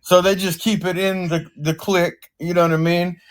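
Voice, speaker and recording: Blunt cussing guy on a podcast, kinda high voice, riffs and does little voices for people. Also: flat delivery, normal speed. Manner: blunt, profane, acts out quoted voices. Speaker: podcast co-host. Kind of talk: casual chat.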